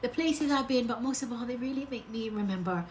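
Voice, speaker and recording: A woman's voice: fairly high pitch, fairly quick, a little mellow, a little hiss or hum. A woman chatting on a casual livestream, gushing and rambling, laughing often and sounding close to tears. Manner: rambling, loses her train of thought. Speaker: travel vlogger.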